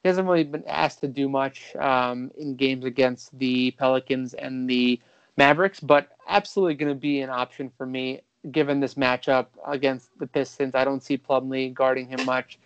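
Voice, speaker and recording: A man hosting a fantasy basketball podcast, talking casually and quickly with a few restarts. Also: medium pitch, steady tone, smooth, dry recording, muffled recording. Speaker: podcast host.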